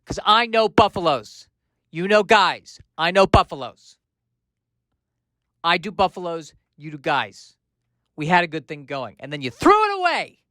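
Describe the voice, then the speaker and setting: A man's voice: fairly high pitch, measured pace, long pauses, pushed and bright, no room sound. A man doing a jilted jealous caveman. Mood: hurt, accusing. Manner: hurt, pleading, self-pitying. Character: wounded caveman painter, male adult, jealous.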